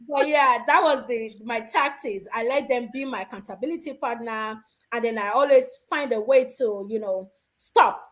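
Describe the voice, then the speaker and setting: A woman from Africa telling personal parenting stories, animated and laughing often. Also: fairly high pitch, measured pace. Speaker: guest mother. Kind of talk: casual storytelling.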